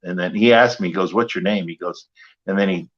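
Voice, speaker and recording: A man's voice: deep voice, a little fast, highs cut off. A middle-aged man telling a casual story during an autograph signing, rambling with lots of fillers and restarts. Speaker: guest wrestler signing autographs.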